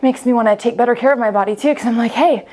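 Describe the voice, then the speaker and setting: Breathless young female fitness coach, slightly high voice, chatty, counts reps aloud mid-exercise. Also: very fast, mellow. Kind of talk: talking while leading a home workout.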